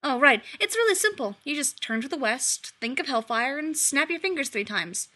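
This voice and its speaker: An oily, fawning little male demon who coos pet names and covers his nerves with fake cheer, as a woman puts him on. The voice sits high and bright, pushed louder than the narration. He wheedles and flatters in a storybook reading. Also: moderate pace. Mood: chatty.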